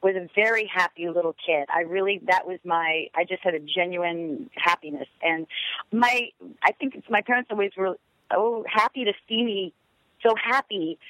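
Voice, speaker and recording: A woman's voice: lowish voice, moderate pace, a bit bright, no room sound. Chatty woman on a phone line. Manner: enthusiastic, chatty, many fillers. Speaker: guest actress. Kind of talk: phone-in interview.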